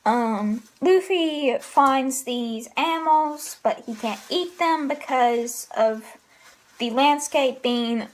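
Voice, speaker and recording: A woman casually recapping comic chapters, pausing often with fillers. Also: sits high. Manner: hesitant, frequent filler pauses. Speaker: manga reviewer.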